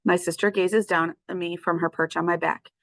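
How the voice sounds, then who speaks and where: A woman narrating a storybook in a lively, expressive way. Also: lowish voice, moderate pace, dry recording, rough recording. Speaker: audiobook reader.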